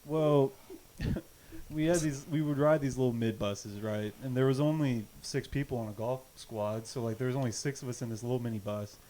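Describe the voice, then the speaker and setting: A man's voice: mid-range voice, steady tone, normal speed, dark tone, rough recording. A young man hosting a podcast, telling a story in casual chat, laughing and acting out quoted lines. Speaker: podcast host.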